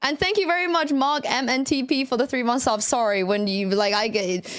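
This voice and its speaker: A woman streamer interviewing a player, chatty and teasing with quick asides. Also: sits high.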